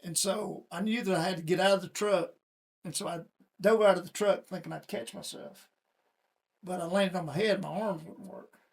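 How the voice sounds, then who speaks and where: A man's voice: high-pitched, steady tone, moderate pace, gravelly. A middle-aged man telling a personal story in a casual, folksy interview. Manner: folksy, plain-spoken storyteller. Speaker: guest.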